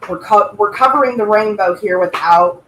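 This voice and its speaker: A woman's voice: medium pitch, normal speed, fairly bright tone. A woman co-hosting a craft livestream, chatting casually and greeting viewers in a playful, sing-song way. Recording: echoey room with faint noise.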